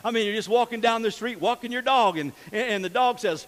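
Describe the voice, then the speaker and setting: A man preaching a sermon in a folksy, animated way, breaking into shouts and laughter. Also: very high-pitched, normal speed, few pauses. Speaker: pastor. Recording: long hall reverb.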